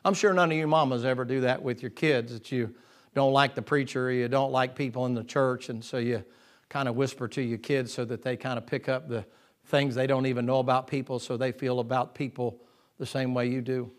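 A man preaching a lively sermon in a folksy, joking way, acting out the people in his story. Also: mid-range voice, fairly quick. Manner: folksy and joking, acts out voices of figures.

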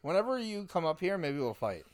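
A man's voice: a little high, sing-song, a little fast. A man co-hosting a podcast, laughing, swearing and firing back with sarcastic comebacks. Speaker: podcast co-host. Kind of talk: casual wrestling podcast banter.

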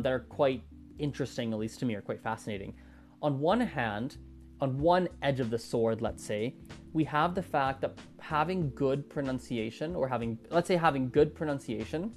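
A man's voice: mid-range voice, a little mellow. A man hosting an improvised solo podcast, thinking aloud and often correcting himself mid-sentence. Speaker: podcast host.

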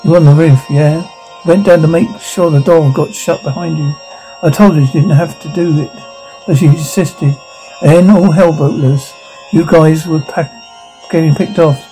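An actor playing a blunt, hardened male survivor of a monster outbreak, talking in a gruff, terse way in film dialogue. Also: a little high, fairly even intonation, moderate pace, warm tone, soft background music, lightly acted, rough recording. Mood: grim.

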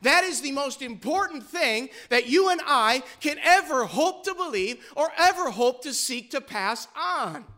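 A man's voice: extremely high pitch, expressive, a little slow, hardly any pauses, sharp tone. A male pastor preaching a sermon with fervor, pressing his listeners with rhetorical questions.

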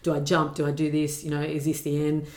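A woman's voice: deep voice, monotone, fast, darkish tone, reverberant. A young woman telling a personal story as a podcast guest, earnest and reflective, with many fillers.

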